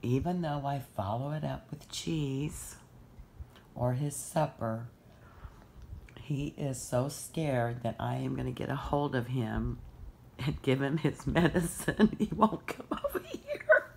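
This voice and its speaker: A woman's voice: rumbling low, slow pace, gravelly, darkish tone, slight background noise. A woman in a casual home video, talking to her dog in a coaxing, amused, playful way. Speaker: pet rescue vlogger.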